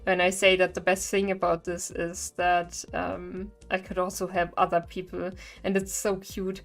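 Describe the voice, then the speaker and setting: A woman's voice: lowish voice, completely flat delivery, moderate pace. A woman streamer chatting casually with her viewers, rambling and laughing often between thoughts. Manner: giggly, rambling, chatty with frequent laughs and fillers.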